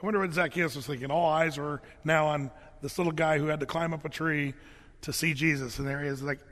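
A man preaching a sermon, telling Bible stories in an animated, folksy way with casual asides. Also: on the high side, fairly quick, big-room sound. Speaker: pastor.

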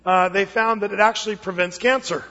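Male pastor, high voice, casual sermon delivery, long hall reverb on a muffled recording. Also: steady tone, brisk, bright, forceful tone. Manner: conversational preaching with folksy asides.

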